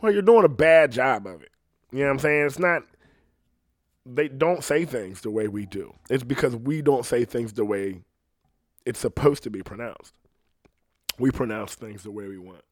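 A man's voice: medium pitch, moderate pace, long pauses, no room sound, clean studio sound. An American man talking in a rambling, profane, casual way, often laughing. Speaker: podcast host. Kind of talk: casual chat.

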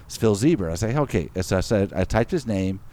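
A man's voice: fairly low pitch, a little fast. A middle-aged man in casual chat, telling a story with lots of laughs and acted-out quotes. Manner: animated, laughs often, acts out quotes.

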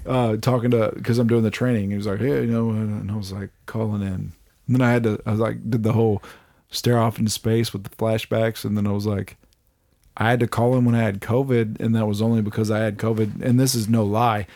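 A man, chatting on a podcast as host, telling animated stories, swearing freely and laughing often. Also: on the low side, fairly quick, no echo, studio quality. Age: 30s. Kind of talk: casual chat.

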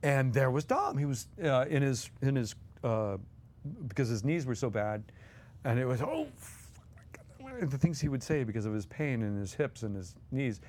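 A man's voice: mid-range voice, moderate pace, darkish tone. A man co-hosting as a guest, telling anecdotes animatedly and acting out quotes with laughs. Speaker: guest co-host.

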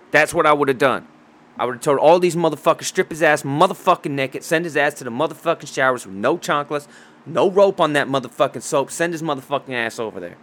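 A man rants casually about basketball, heated and profane, piling on trash talk while restarting sentences and drifting into rambling asides. His voice is a little high and a bit bright.

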